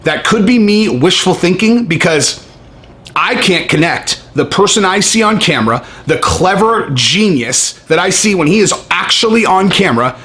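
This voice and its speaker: A man's voice: sits high, expressive, moderate pace, fairly bright tone. A man ranting in a casual vlog, brash and profane, stressing his points. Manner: brash, profane, emphatic, keeps saying okay. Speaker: MMA commentary vlogger. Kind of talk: casual opinion rant.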